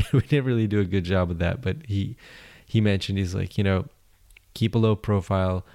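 Very deep-voiced man telling a travel story. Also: moderate pace, gravelly, darkish tone. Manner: rambling, lots of fillers and restarts. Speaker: podcast host.

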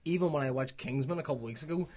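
A man's voice: fairly high pitch, rapid-fire, a little mellow. A man hosting a podcast, chatting casually about films, swearing and laughing often. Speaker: podcast host. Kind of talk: casual film chat.

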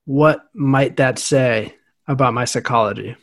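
A soft-spoken man hosting a podcast conversation, asking about his own quiet voice. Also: mid-range voice, measured pace, no echo, clean studio sound. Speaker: podcast host.

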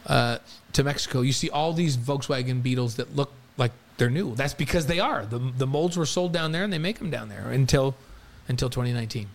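A man co-hosting a casual talk show, animated and jokey, slipping into playful quoted voices. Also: medium pitch, a little fast, gravelly, hardly any pauses. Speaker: podcast co-host. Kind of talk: casual sports radio chat.

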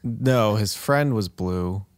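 A man's voice: fairly low pitch, slow, no echo. A man in his thirties co-hosting a podcast, chatting casually with a dry, joking manner. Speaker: podcast co-host. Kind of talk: casual chat.

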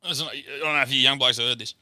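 A man's voice: medium pitch, fairly even intonation, very fast, pushed and bright, no echo, clean studio sound. A young Australian man, a comedian, telling crude jokes in a casual sweary pub chat and putting on voices for the characters. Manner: sweary, storytelling with put-on voices. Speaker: guest comedian.

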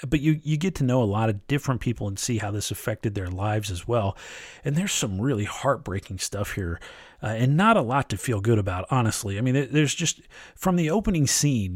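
A man's voice: mid-range voice, dry recording, clean studio sound. A man talking through a review of a TV miniseries in a conversational, opinionated way, thinking aloud as he goes. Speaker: TV and film reviewer. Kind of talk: casual spoken review.

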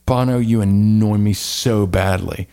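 A man hosting a podcast in casual, opinionated chat, rambling and animated with slangy asides. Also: fairly low pitch, unhurried, creaky. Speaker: podcast host.

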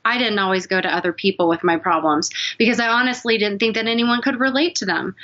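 Bright-voiced woman telling a personal story. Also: medium pitch, fast talker, highs cut off. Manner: earnest, emotional, confiding. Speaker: podcast guest.

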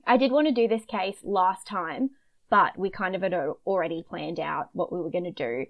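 A woman's voice: normal speed, muffled recording. Chatty Queensland-accented woman podcaster. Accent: Australian, Queensland. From Queensland, Australia. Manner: chatty, enthusiastic, drops to a low murmur when telling stories. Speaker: podcast co-host. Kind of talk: casual chat.

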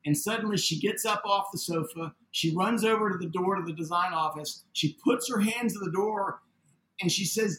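High, bright-voiced man telling a story. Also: normal speed, echoey room, a little hiss or hum, rough recording. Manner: animated, acts out quoted dialogue. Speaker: interview guest, building owner. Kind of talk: casual spoken storytelling.

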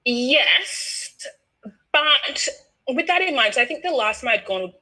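An Australian woman in her twenties or thirties tells a story in a relaxed podcast chat. Her voice is bright and clear, and she acts out other people's lines with plenty of laughter. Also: high-pitched, unhurried, low-quality recording.

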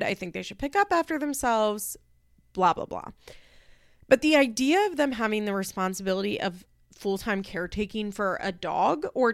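A woman giving a casual, opinionated recap, chatty with many fillers and acting out quotes in high voices. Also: smooth, no echo, clean studio sound. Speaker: commentator recapping a reality show.

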